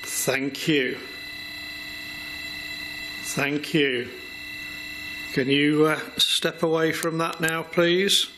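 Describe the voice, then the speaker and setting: A man's voice: on the high side, fairly even intonation. A man investigating a haunted building, politely asking a spirit questions and thanking it. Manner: slow, polite, hushed at times. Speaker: paranormal investigator. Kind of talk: ghost-hunting calls to spirits. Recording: noisy location recording.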